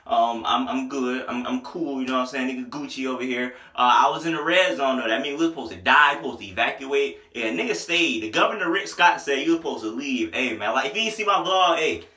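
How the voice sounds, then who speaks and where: A man's voice: mid-range voice, animated, fairly quick, hardly any pauses, sharp tone, roomy sound. A young man giving a casual, slangy music review. He jokes and rambles, repeats himself, and sounds worn down by a headache. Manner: loose, joking, slangy, trails off and repeats himself. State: has a headache, low-energy at times. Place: small indoor room.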